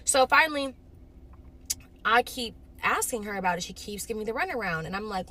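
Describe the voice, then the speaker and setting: A young woman from Los Angeles, telling a casual storytime monologue in an animated way, acting out the other people in her story. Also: medium pitch, fast talker, a little hiss or hum. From Los Angeles, California.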